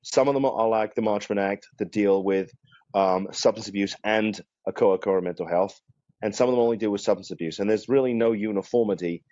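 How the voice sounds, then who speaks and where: A man with a low, mellow voice explains legal procedure on a remote panel, measured and careful, often restarting his sentences. The sound is dry and slightly dull, as heard over a video call. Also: no room sound. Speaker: guest attorney.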